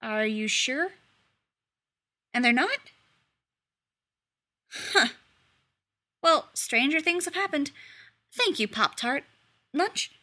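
An oily, fawning little male demon who coos pet names and covers his nerves with fake cheer, as a woman puts him on. The voice sits high and bright, pushed louder than the narration. He wheedles and flatters in a storybook reading. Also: slow, pauses often, full character voice. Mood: sugary.

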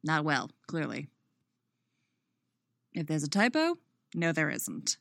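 A woman reading her own romance story aloud, expressive in the narration and chatty and self-mocking in her afterword. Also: low voice, takes it slowly, vocal fry, dry recording, studio quality. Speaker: fan fiction reader and writer.

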